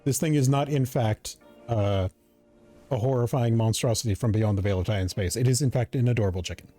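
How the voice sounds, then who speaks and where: A man's voice: medium pitch, brisk, mellow, soft background music. A man streaming a game, reacting playfully and with plenty of expression. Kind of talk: casual gameplay commentary.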